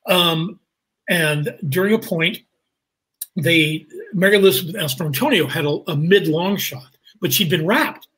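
A man, a guest actor and improviser, tells stories in an interview over a video call, animated and acting out the people he quotes. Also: a little high, a little slow, rough recording. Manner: animated, acts out quotes in voices. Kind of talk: anecdotal interview storytelling.

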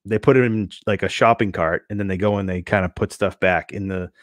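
A man's voice: low-pitched, fairly even intonation, fairly quick, no room sound, clean studio sound. A man co-hosting a toy podcast, telling stories in a rambling, hesitant casual chat.

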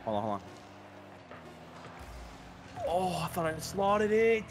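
A young man in casual gaming voice chat, making quick callouts with cocky trash talk and some swearing. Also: sits high, very animated, loud music behind the voice. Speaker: streamer playing a team match.

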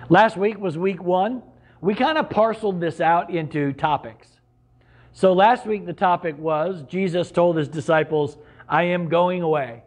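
A middle-aged man preaching a sermon as pastor, earnest and conversational, with sudden emphatic rises. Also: high-pitched.

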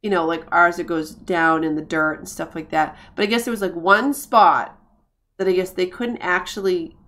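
A woman's voice: on the low side, moderate pace, a bit bright. A woman from the United States chatting casually while streaming a life-sim game, rambling with frequent restarts and laughs.

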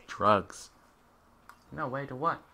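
A man's voice: mid-range voice, animated, slow pace, gravelly, sharp tone. Goofy young man narrating gameplay. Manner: goofy, jokey, talks to game characters. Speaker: gameplay commentator. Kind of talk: casual let's-play commentary.

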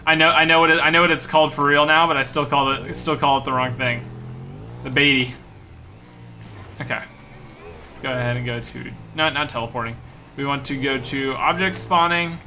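A young man streaming a game, giving energetic commentary and often repeating himself. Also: mid-range voice, slight background noise. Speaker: gaming streamer. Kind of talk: excited live gameplay commentary.

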